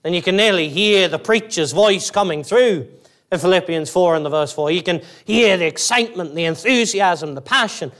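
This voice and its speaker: A man preaching an evangelical sermon in church, fervent and emphatic, asking his listeners rhetorical questions and climbing high on exclamations. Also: normal speed, fairly bright tone. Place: church, evening service.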